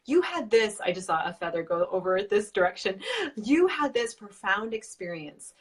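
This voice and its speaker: A woman's voice: medium pitch, big pitch swings, normal speed, breathy edge, distant mic. A woman hosting a live stream chat, gushing and enthusiastic, with plenty of "like.". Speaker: host and spiritual advisor.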